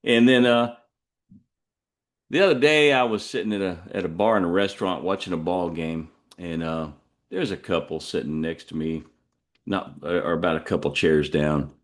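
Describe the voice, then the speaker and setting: A man's voice: deep voice, moderate pace. A Texan man hosting a show, telling a rambling folksy story full of asides. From Texas. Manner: folksy, digressive, drawling asides. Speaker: podcast host.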